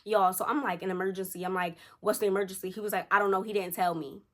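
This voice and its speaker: A woman's voice: medium pitch, fast talker. A young woman, chatting at home as a storytime vlogger and acting out the quotes of people in her story. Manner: chatty and animated, acts out quotes. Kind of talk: casual storytime chat.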